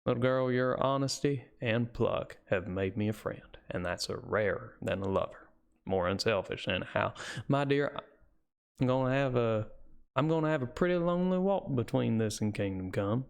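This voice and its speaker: A man's voice: mid-range voice, expressive, moderate pace, vocal fry, clear, resonant tone. A man voicing a bluff, big-hearted American cowboy suitor with a hearty, folksy drawl and an American accent.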